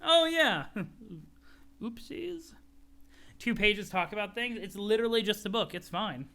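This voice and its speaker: Excitable high-voiced man streaming. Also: measured pace. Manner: excitable, laughs often, talks to chat. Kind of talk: live reading with chat.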